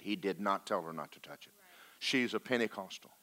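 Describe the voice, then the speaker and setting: A man preaching a sermon, folksy and joking, slowing down to stress his points. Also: lowish voice, lively intonation, bright, forceful tone. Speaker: pastor.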